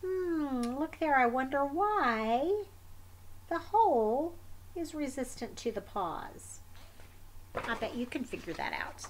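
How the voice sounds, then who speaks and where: Brief: woman storyteller, unhurried children's read-aloud, sing-song and fairly high, gentle asides. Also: very animated. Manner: gentle, explains the pictures to listeners, slips into soft whispered asides. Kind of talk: picture book read aloud.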